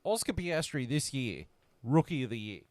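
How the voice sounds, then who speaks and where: A man's voice: medium pitch, very animated, normal speed, darkish tone, no echo. Blunt man, dry podcast voice. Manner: blunt, stumbling restarts. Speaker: podcast host reading news items. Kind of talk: casual chat.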